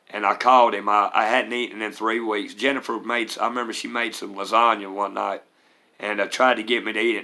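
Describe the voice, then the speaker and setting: A man's voice: on the low side, bright, forceful tone. A middle-aged man, telling his recovery story in an earnest, rambling way. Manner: earnest and rambling, with Southern US turns of phrase. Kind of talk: personal testimony.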